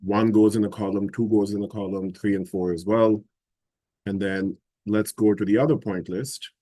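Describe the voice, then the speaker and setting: A man teaching a live software class, explaining each step and thinking aloud as he works. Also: fairly low pitch, steady tone, moderate pace, dry recording. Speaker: instructor.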